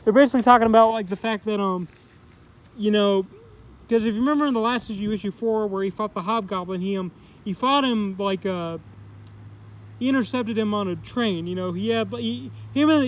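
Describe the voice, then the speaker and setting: A man's voice: high-pitched, brisk, poor audio. A man casually reviewing a comic book, rambling with lots of fillers and restarts.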